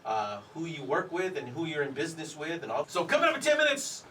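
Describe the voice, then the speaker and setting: A man's voice: fairly high pitch, wildly swooping pitch, fast talker, bright, forceful tone, far from the mic, slight background noise, rough recording. A man hosting a morning radio interview, upbeat, laughing often and saying "there you go". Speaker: radio host.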